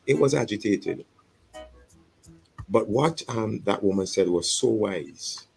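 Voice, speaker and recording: A man's voice: fairly low pitch, expressive, takes it slowly, gravelly, a little mellow, faint music behind, low-quality recording. A man who is a pastor, speaking earnestly on a radio show, reflecting aloud and repeating his words as he publicly apologizes. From St Vincent and the Grenadines. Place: radio studio.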